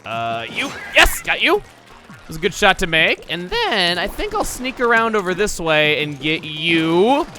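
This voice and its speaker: A man's voice: high-pitched, huge pitch swings, unhurried, bright, forceful tone, soft background music. A man hosting a gaming video, chatting playfully and mocking himself as he plays. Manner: playful, self-mocking, chatty while playing. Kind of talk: let's play commentary.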